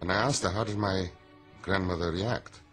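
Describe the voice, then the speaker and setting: A man in an interview, telling family anecdotes in an unhurried way. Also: sits low, fairly even intonation, fairly bright tone, soft background music. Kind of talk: interview recollection.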